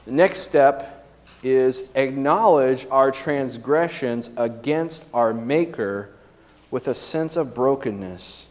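A man's voice: mid-range voice, takes it slowly, big-room sound. A man preaching a sermon as pastor, in a conversational way with frequent tag questions and fillers.

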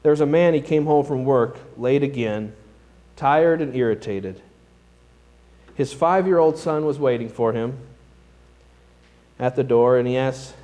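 A man's voice: medium pitch, measured pace, long pauses, warm tone, low-quality recording. A male pastor preaching a sermon in a plain-spoken, self-deprecating storytelling manner.

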